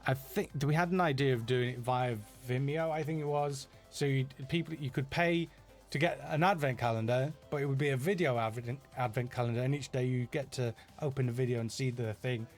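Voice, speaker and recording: An animator from Yorkshire, England, middle-aged with a broad accent, loosely answers viewer questions on a casual live stream, with faint music underneath. His voice is middling in pitch, steady, and fairly quick. He rambles easily and mocks himself, full of ums and restarts.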